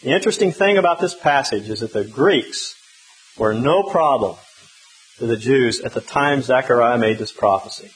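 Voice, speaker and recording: A man's voice: medium pitch, moderate pace, low-quality recording. Male pastor, mid-range voice, chatty humorous sermon delivery. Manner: conversational, humorous storytelling with lively emphasis.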